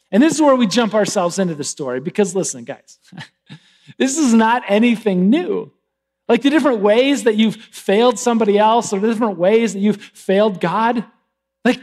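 A pastor giving a casual, conversational sermon, animated and swinging between loud emphasis and hushed asides. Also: male voice, high voice.

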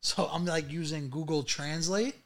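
A man co-hosts a relaxed podcast conversation. His voice sits a touch on the high side, and he tells stories in an easy, chatty way. Little laughs break into his telling. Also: normal speed. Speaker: podcast co-host. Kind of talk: casual podcast chat.

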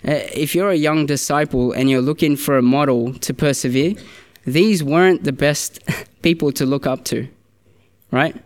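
A man's voice: on the high side, normal speed. A man preaching a sermon in a church, earnest and conversational, often restarting his sentences. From Australia.

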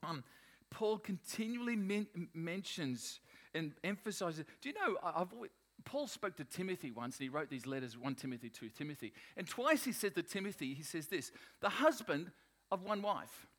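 A man preaching a sermon to his congregation, pitched a little high. He talks in an animated, emphatic way and often stops to restart his sentences. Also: moderate pace. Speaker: pastor.

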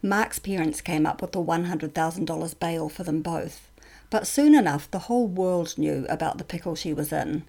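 A woman narrating a documentary podcast in a measured, matter-of-fact scripted read. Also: low-pitched, gravelly, warm tone.

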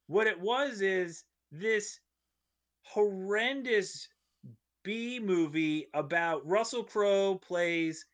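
A man, a comedian guest on a studio podcast, telling a rambling story in an animated way and acting out the voices of people in it. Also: high voice, extremely slow. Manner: animated, acts out voices in his stories, rambling tangents.

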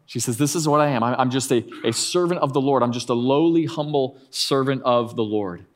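A man's voice: mid-range voice, brisk. A man in his thirties, a pastor preaching a conversational sermon with frequent asides and restarts.

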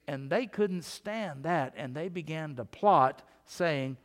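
A man preaching a sermon as pastor, in a folksy, animated storytelling way. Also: fairly high pitch, slow pace, few pauses, in a large hall.

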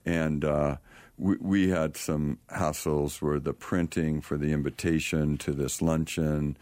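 A middle-aged man, a pastor, hosting an interview in a relaxed, conversational way and asking the guest questions. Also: extremely low pitch, measured pace, no echo.

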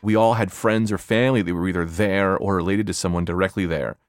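A young man from New Jersey telling a personal story in a casual, conversational way, getting animated when he relives what he said. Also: sits low, fast talker. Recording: music underneath.

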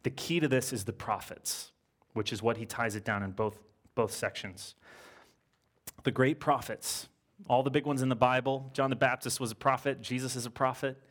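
A man preaching a sermon in a lively, conversational way, joking with the congregation and slowing down to stress scripture quotes. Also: mid-range voice. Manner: lively, conversational preaching with casual slang and jokes; slows and stresses when quoting scripture. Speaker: pastor.

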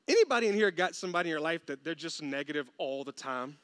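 A man's voice: fairly high pitch, fast, hardly any pauses, dry recording, studio quality. A man preaching a sermon with humor and acted-out voices. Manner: animated, humorous, acts out quoted voices. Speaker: pastor.

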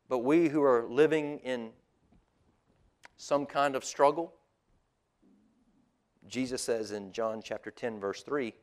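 A man, a pastor preaching a sermon, who moves between loud emphatic calls and hushed near-whispers. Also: medium pitch. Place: church auditorium.

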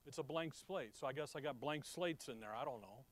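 A man preaching a conversational Bible-teaching sermon, often asking the listeners questions and swinging from emphatic loud lines to quiet ones. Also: mid-range voice, brisk.

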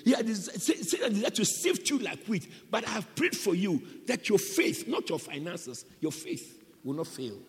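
A man preaching a sermon as a pastor, impassioned, surging from hushed lines to shouts. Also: sits high, sing-song, normal speed, in a large hall.

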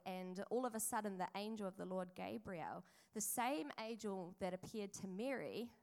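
A woman, preaching a sermon in a chatty storytelling way with asides to the congregation. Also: mid-range voice. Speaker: pastor.

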